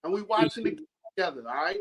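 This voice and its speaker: A man from Yonkers telling stories in a casual sports chat, excited and slangy. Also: high-pitched, racing, over a noisy crowd, rough recording. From Yonkers, New York. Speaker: co-host.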